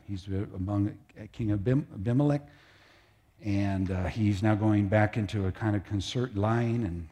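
A man's voice: fairly low pitch, dark tone. Conversational man preaching a sermon. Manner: conversational, humorous, acts out scenes.

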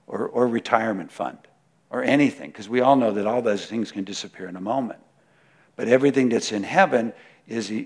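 A man's voice: fairly low pitch, creaky. A man preaching a sermon in a conversational way, reading scripture aloud and often repeating words as he searches for the next thought. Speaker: pastor.

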